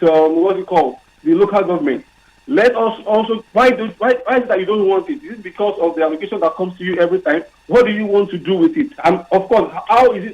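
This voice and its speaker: A Nigerian caller speaks earnestly over a muffled phone-in line. His voice sits a little high, and he stacks up rhetorical questions, sometimes restarting a phrase. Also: darkish tone. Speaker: radio caller.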